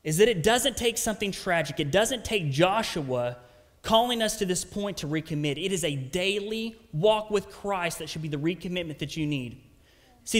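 Earnest preaching man, long church reverb. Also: sits high. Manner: earnest, conversational preaching with frequent "right?" asides. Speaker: pastor. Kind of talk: sermon. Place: church sanctuary.

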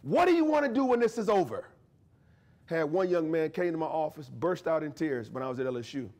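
A man giving a lively, conversational guest lecture as a history professor, joking and often checking in with his audience. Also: on the high side, brisk. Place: university lecture to a live audience.

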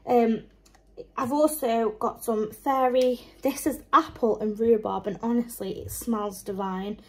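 A woman's voice: on the high side, steady tone, unhurried, a little mellow, low-quality recording. A young woman and mum chatting casually through a shopping haul, rambling along and listing prices with small laughs. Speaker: mum and vlogger.

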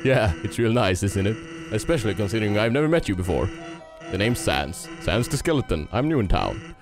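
A man reading a relaxed, teasing skeleton's lines from a game. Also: on the low side, a little fast, over music, voice pushed down. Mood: laid-back. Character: laid-back joking skeleton man.

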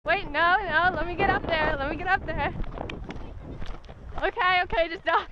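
A woman on horseback talking to her horse as she rides, excitedly praising and urging it on. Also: very high voice, normal speed. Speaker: rider filming on a helmet camera. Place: outdoor cross-country course on horseback. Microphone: helmet camera. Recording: dull muffled helmet-cam audio with wind and hoof noise.

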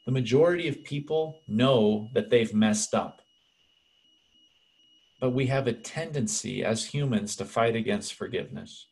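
A man's voice: mid-range voice, darkish tone. Earnest male pastor preaching. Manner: earnest, conversational preaching addressing listeners as friends. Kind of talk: sermon.

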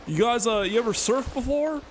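A man's voice: very high-pitched, fairly quick, slight background noise, pitched above the performer's own voice. A man voicing a dim, laid-back young surfer-dude snowboarder who drawls slang and says dude constantly. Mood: goofy boastful.

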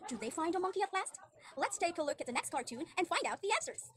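A woman's voice: extremely high pitch, sing-song, fast, a little hiss or hum. A young woman giving an online demo English lesson to a young child, with exaggerated sing-song praise and frequent laughs. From Philippines.

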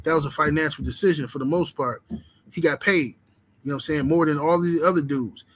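A man's voice: a little high, a little fast, a bit bright, low-quality recording. Laid-back profane boxing streamer, man. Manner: laid-back, profane street talk with lots of "you know what I'm saying". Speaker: boxing channel host. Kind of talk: casual livestream chat reading the super chat.

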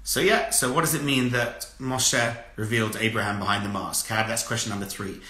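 Animated rabbi, bright voice, echoey room. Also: male voice, on the low side, fairly quick, few pauses. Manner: asks repeated rhetorical questions, animated storytelling. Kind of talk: lively Torah lecture.

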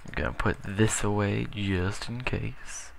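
A man's voice: lowish voice, fairly even intonation, unhurried, creaky, background noise. A young man casually commentating his gameplay, rambling with self-deprecating jokes. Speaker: gaming channel host. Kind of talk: casual Let's Play commentary.

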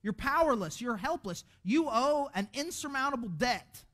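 A man preaching a sermon as pastor in a church, animated and conversational, restarting his words often. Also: very high voice, normal speed. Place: church auditorium.

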